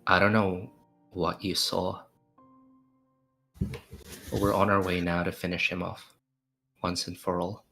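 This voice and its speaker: A congested man playing a calm, steady companion. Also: deep voice, slow pace, vocal fry, long pauses, faint music behind, full character voice. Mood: reassuring. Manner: calm, gentle, reassuring. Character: steady, reassuring male companion.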